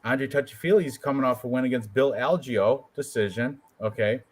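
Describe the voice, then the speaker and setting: A man co-hosting a casual show about fight predictions, joking and animated as he talks through his picks. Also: mid-range voice, a little fast, husky. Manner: joking, animated, puts on quoted voices. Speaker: co-host picking fights. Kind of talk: casual chat.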